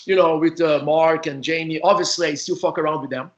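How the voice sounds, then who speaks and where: A man's voice: fairly high pitch, steady tone, a little fast, lo-fi sound. A man with a Brazilian accent, a former player now coaching, telling locker-room stories in a loose, laughing, chatty way. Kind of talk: casual storytelling.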